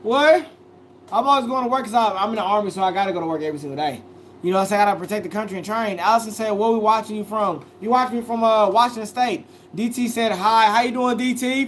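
A man's voice: extremely high pitch, a bit bright, slight background noise. A young man, a food vlogger, chatting casually on a live stream, reading viewer comments aloud and answering each one.

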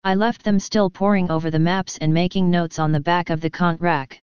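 A woman reading an audiobook in steady, measured scripted narration. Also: fairly low pitch, clean tone, no room sound. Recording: dull, dry, lo-fi audio.

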